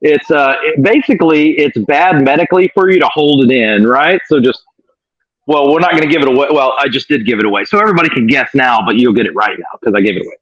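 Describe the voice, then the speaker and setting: A man's voice: mid-range voice, fast talker, slightly rough. Joking man on dull call audio. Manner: joking, teasing, animated. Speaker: co-host. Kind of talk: casual live-stream chat.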